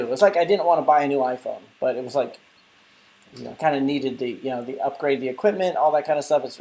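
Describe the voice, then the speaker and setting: A man's voice: mid-range voice, a little mellow. A young adult man hosting a casual live stream, rambling and chatting through viewer comments. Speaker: live stream host and app developer.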